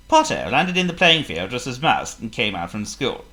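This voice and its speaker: A storyteller reading a children's picture book aloud in a lively, theatrical way. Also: mid-range voice, moderate pace. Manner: lively, theatrical, voices every figure.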